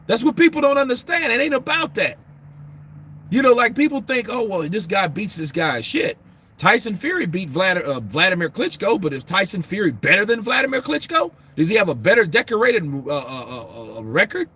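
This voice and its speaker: A man hosting a boxing talk show, answering viewers in a casual, animated, profane way, and laughing often. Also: sits high, moderate pace, slightly rough.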